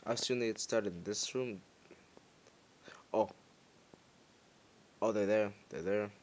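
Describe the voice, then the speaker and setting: A man's voice: fairly low pitch, takes it slowly, a little mellow, a little hiss or hum. A man giving jumpy, muttering commentary while playing a horror game, bursting into panicked yelps when scared. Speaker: gaming YouTuber.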